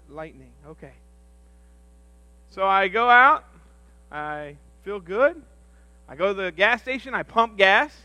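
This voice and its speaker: A man on a church's staff giving a humorous sermon, telling self-deprecating stories in an animated, jokey way. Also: sits high, dry recording. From rural upbringing.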